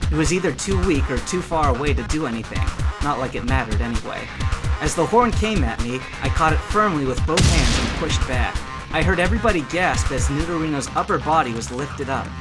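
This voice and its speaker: A man giving a lively, expressive first-person reading of a fan fiction adventure. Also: fairly high pitch, fairly quick, loud music behind the voice.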